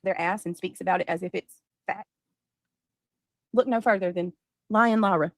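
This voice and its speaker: Woman streamer, blunt and sarcastic, dry close mic, mid pitch, ready to argue. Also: fairly even intonation, normal speed, no room sound. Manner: blunt, sarcastic, swears freely. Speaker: livestreamer. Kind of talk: heated livestream argument.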